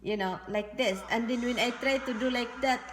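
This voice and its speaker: In a house mid-paint job, a Filipino woman films a casual vlog, chattering, exclaiming often and laughing at her own expense. She speaks at normal speed in a fairly high voice, over slight background noise in a rough recording.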